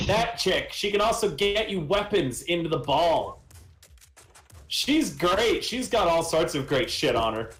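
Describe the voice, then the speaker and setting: A man's voice: a little high, very animated, a little slow, a bit bright, roomy sound, faint music behind. A man voicing a casual, talkative male party guest in a tabletop game. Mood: chatty. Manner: offhand, chatty, crude.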